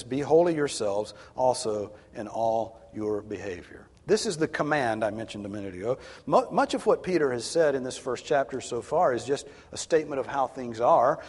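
Husky preacher in an echoing hall. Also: male voice, mid-range voice. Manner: swings from hushed to loud emphatic exhortation. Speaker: pastor. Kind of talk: sermon. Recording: long hall reverb.

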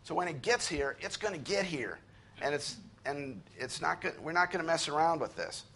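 A man's voice: fairly high pitch, lively intonation, creaky, sharp tone, slight background noise. Earnest man preaching a sermon. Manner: earnest preaching, slows and rises to read scripture. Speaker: pastor.

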